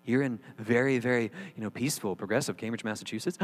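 Middle-aged male pastor, lively and joking sermon delivery, reverberant hall, faint mains hum. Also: medium pitch, fast. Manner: animated, jokey, mocking asides. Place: church hall.

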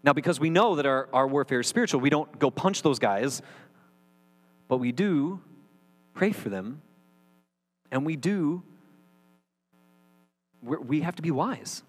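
Middle-aged male pastor, lively and joking sermon delivery, reverberant hall, faint mains hum. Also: a little high, unhurried, pauses often. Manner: animated, jokey, mocking asides. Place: church hall.

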